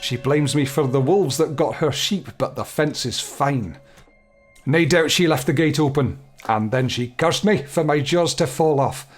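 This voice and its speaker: A man voicing a gruff, resentful village blacksmith in a put-on Scottish accent. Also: a little high, measured pace, faint music behind. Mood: grumbling. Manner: grumbling, blaming others.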